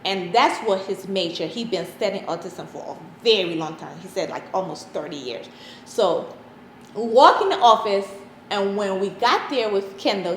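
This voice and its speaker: A woman in her thirties answering interview questions, hesitant, with many pauses and restarts. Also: medium pitch, expressive. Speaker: interviewee, mother of an autistic son. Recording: echoey room, faint background noise.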